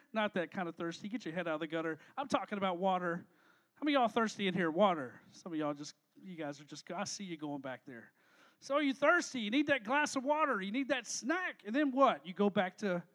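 High-voiced pastor joking with the room. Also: male voice. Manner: energetic, joking, talks to the crowd with questions. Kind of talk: casual youth sermon. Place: church hall with a live audience.

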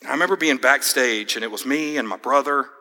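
Young male pastor, conversational storyteller, tense bright tone, long hall echo. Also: medium pitch, brisk. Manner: casual, storytelling, fillers like man and dude. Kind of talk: sermon with personal story.

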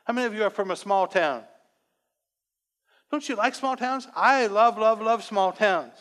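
A man's voice: sits high, moderate pace, a bit bright. A man preaching a sermon as pastor, rambling and emotional, with self-deprecating humor, in a church sanctuary. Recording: long church-hall reverb.

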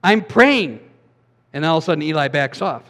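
A man giving a sermon as a pastor, preaching in a conversational way with quick asides. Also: a little high, fairly even intonation, a bit bright, big-room sound.

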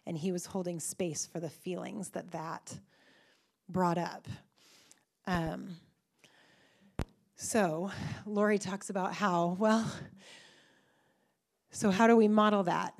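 A tired woman sharing a casual devotional reflection, talking conversationally with light laughs between phrases and lively quoting. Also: fairly low pitch, slow, vocal fry, pauses often. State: tired, rough morning.

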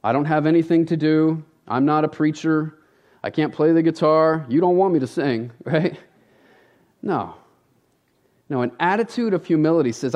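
A man's voice: a little high, normal speed, darkish tone, highs cut off. A man preaching a sermon from a church stage, talking in a conversational, emphatic way and often appealing straight to the congregation. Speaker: pastor.

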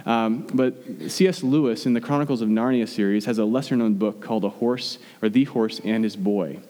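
A pastor in his thirties, with a lowish, dark voice, preaches briskly under long hall reverb. His sermon is conversational, with frequent restarts and fillers.

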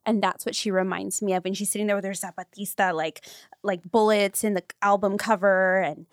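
An animated young woman hosts a podcast conversation, her voice recorded close and dry. She tells stories with gushing energy at a middle pitch. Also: a little fast, no room sound. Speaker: podcast host. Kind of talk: casual interview chat.

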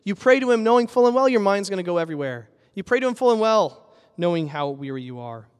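High-voiced man preaching in a hall. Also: animated, quick pace, clean tone. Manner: earnest, emphatic, builds with repeated phrases. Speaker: pastor. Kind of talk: sermon.

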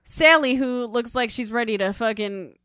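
A woman casually recapping a movie with a friend, animated and laughing as she acts out the scenes. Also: fairly high pitch, moderate pace, clear, resonant tone, dry recording, studio quality. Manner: animated retelling with acted quotes and laughs.

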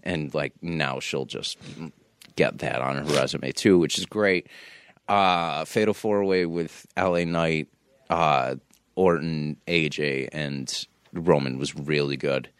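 A man's voice: very deep voice, slow pace, clear, resonant tone. A young man co-hosting a podcast, chatting casually and teasing his younger brother with jokes and stories. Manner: joking, teasing older brother. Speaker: podcast co-host. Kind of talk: casual chat.

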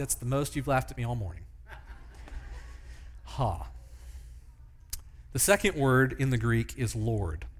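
A man preaching a sermon at a church service, leading the congregation in repeating words with playful asides. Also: mid-range voice. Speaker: pastor.

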